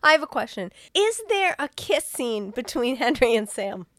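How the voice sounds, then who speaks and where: A woman co-hosting a podcast, reacting to a movie recap with loud, joking, incredulous remarks. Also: high voice, big pitch swings, moderate pace, dry recording, studio quality. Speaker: podcast co-host.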